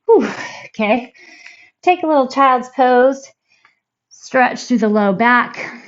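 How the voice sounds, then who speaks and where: Lady fitness coach talking slow, bit high, calm cues and rep counts, dull lo-fi sound. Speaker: fitness instructor. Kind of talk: workout class instruction.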